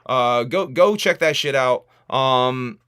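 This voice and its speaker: A man's voice: mid-range voice, expressive, slow, pushed and bright, smooth. A man hosting a casual livestream, talking loosely with slang and many fillers. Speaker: livestream host.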